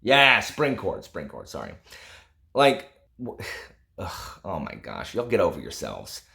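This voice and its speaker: A man's voice: low-pitched, huge pitch swings, slow, vocal fry, sharp tone. A young adult man, chatting casually in a vlog and reacting to a novel with exasperated laughs. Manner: exasperated, laughing, dramatic reading asides. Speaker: book vlogger.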